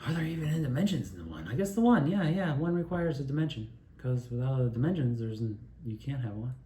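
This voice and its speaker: A man telling rambling childhood stories in a profane, digressive, animated way while sipping beer. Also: medium pitch, fast talker, roomy sound. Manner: drinking beer while talking. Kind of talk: rambling personal storytelling monologue.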